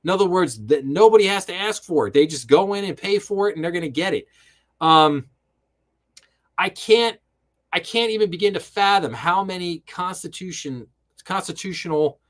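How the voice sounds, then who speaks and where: A man hosts a live-streamed finance commentary show, his voice sitting a little higher than most men's. He talks with impassioned, sarcastic energy, and he restarts and repeats words as his indignation builds. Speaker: host.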